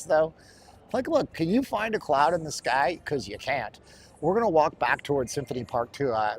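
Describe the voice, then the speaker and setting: A man talks to his viewers while strolling through an outdoor shopping center, chatty and quick to joke. His voice sits at an ordinary middle pitch. Faint outdoor ambience hums behind him. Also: slight background noise. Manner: chatty, joking, laughs often. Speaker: livestream host. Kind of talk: casual walking-tour livestream chat. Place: outdoors at an outlet mall.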